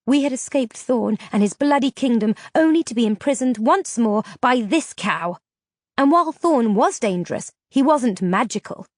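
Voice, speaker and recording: Woman audiobook narrator, first-person, steady, higher voice, dry close mic. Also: normal speed, no room sound.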